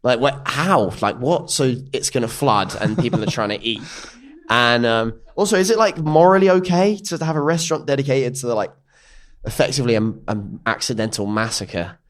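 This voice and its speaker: A man's voice: mid-range voice, animated, normal speed. A man in his twenties, a podcast guest, telling self-deprecating stories in a laid-back way. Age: 20s. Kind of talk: casual chat.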